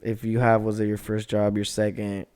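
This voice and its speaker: A man's voice: lowish voice, completely flat delivery, moderate pace, a little mellow, clear, resonant tone. A young man co-hosting a podcast in casual chat, laid-back and drawling, swearing casually as he talks. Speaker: podcast co-host.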